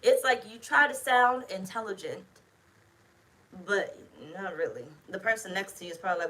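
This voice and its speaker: A woman's voice: medium pitch, animated, normal speed, bright, forceful tone, low-quality recording. A woman giving a casual tarot reading to camera, talking bluntly and emphatically, with plenty of swearing. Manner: blunt, profane, emphatic, chatty. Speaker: tarot reader.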